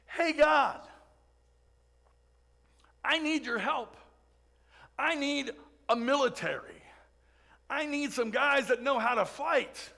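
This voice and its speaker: A man's voice: very high-pitched, expressive, takes it slowly, vocal fry, long pauses, sharp tone, voice pushed up, full character voice. A man preaching, voicing a desperate young man hiding in a cave and begging God for help. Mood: pleading. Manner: pleading, raised and urgent.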